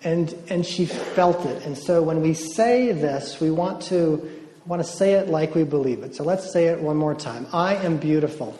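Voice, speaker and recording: A man's voice: fairly high pitch, normal speed, warm tone. A man preaching at a conference, earnestly leading the audience in call-and-response affirmations. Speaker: conference speaker. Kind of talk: sermon. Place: conference hall. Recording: echoey hall with long reverb.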